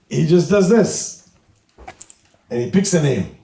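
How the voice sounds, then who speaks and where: A male rabbi telling a humorous story to a live audience, acting out the dialogue with lively energy. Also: a little high, moderate pace, long pauses. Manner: animated, humorous, acts out dialogue. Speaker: rabbi, speaker. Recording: echoey room.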